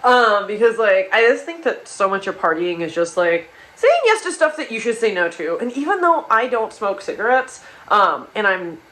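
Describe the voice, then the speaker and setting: A young woman spins a chaotic personal anecdote for laughs, swearing freely and doubling back on herself constantly. Her pitch sits in an ordinary middle range, and the telling is loose and conversational. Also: big pitch swings, normal speed, few pauses, a bit bright, poor audio. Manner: rambling, profane, many restarts and asides. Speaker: storyteller. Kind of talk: casual comedic storytelling.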